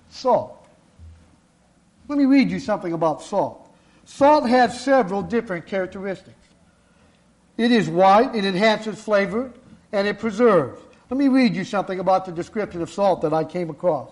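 A man preaching a sermon in an earnest, measured way, building points through repetition. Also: very high voice.

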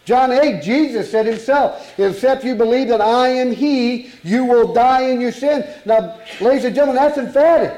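A man's voice: extremely high pitch, normal speed, few pauses, dark tone, roomy sound, poor audio. A man preaching a sermon to a congregation, emphatic and full of rhetorical questions.

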